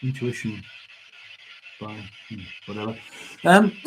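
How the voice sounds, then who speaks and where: A man hosting a casual tarot and spirit box reading. He chats and mutters asides, often clearing his throat. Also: medium pitch, sing-song, takes it slowly, a little hiss or hum.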